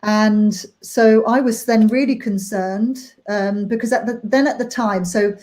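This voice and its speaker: A young woman talking candidly and emotionally about a hard personal time, halting with many fillers. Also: fairly high pitch, fairly even intonation, a little mellow. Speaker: nanny sharing her story.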